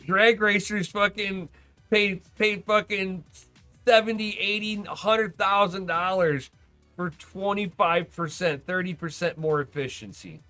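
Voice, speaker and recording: A man hosting a podcast in casual chat, telling stories excitedly, swearing a lot and laughing often. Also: high voice, measured pace, faint music behind. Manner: profane, excitable storyteller who laughs often. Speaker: podcast host.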